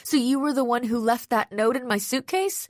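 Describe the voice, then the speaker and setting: A woman's voice: expressive, normal speed, fairly bright tone, dry recording, clean studio sound. A woman voicing a teenage girl detective in an audiobook, speaking in a tense, shaky, pleading way. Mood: scared, pleading. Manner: tense, pleading, voice higher and shakier. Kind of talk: audiobook character voice.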